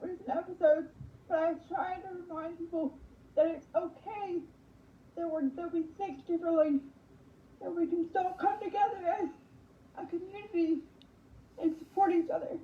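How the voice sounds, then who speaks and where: Very high-voiced woman, halting speech. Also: fairly even intonation, roomy sound, dull audio, a little hiss or hum. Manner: halting, repeating words, slow effortful speech. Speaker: podcast host as guest. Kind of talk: casual interview answers.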